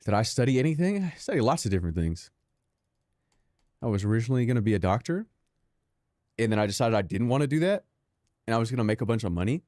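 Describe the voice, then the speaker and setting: A man's voice: mid-range voice, sing-song, fast, pauses often, darkish tone, dry recording, studio quality. A young man streaming a racing game, chatting with his viewers in a sarcastic, self-deprecating, rambling way. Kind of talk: casual live-stream chat while gaming.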